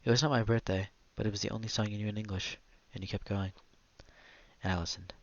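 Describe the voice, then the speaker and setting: A man narrating a literary audiobook in a measured, quiet, reflective delivery. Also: lowish voice, steady tone, no room sound, highs cut off.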